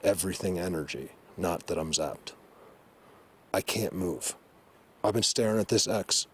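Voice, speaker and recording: In an excited hiking vlog shot in the woods, a low-pitched man speaks to the camera with emotion, rambling and restarting frequently. Slight background noise is present.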